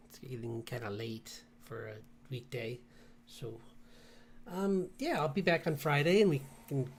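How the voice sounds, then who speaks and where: A man's voice: medium pitch, darkish tone, a little hiss or hum. A man streaming his drawing session, chatting casually, rambling and laughing often between remarks. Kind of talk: casual live-stream chat.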